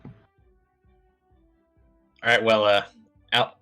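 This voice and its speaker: A man at a tabletop game casually narrating his character's moves. His voice is on the low side yet bright and forceful, with faint music behind. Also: level tone, drawn-out words, smooth. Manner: casual, filler-heavy. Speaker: player.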